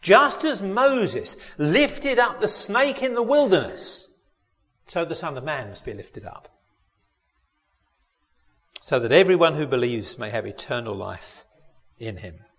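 A man's voice: on the high side, big pitch swings, measured pace, pauses often, fairly bright tone. Man preaching in a reverberant church. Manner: earnest, asks the congregation direct questions. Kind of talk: sermon.

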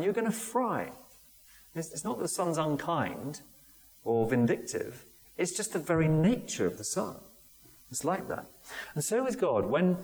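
A man giving a conversational sermon, often pausing with fillers and restarting sentences. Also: a little high, darkish tone. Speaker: preacher. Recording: long hall reverb.

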